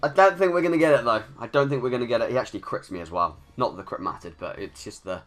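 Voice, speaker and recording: A man's voice: medium pitch, rapid-fire, fairly bright tone. A young man giving live commentary over a video game. He thinks aloud, restarts his sentences often and rants when things go against him. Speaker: gaming YouTuber.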